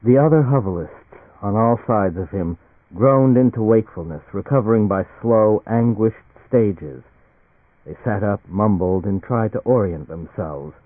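A man with a fairly low voice reads a novel aloud, measured and even, keeping the characters' lines quiet. The sound is thin and phone-like, with a dry, close feel and no room around it. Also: dry recording. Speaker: audiobook narrator. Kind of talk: scripted narration. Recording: tinny phone-like audio.

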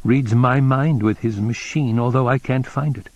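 A man reading an audiobook voices a distraught, confused young woman who speaks in slow, halting fragments. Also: medium pitch, a little mellow, dry recording, voice pushed up, close to an everyday voice, rough recording. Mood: disordered.

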